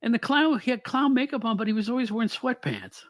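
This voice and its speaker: A man's voice: extremely high pitch, expressive, fast, no echo, clean studio sound. A man from upstate New York hosting a podcast, chatting nostalgically with frequent laughs. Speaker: podcast host. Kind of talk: casual podcast chat.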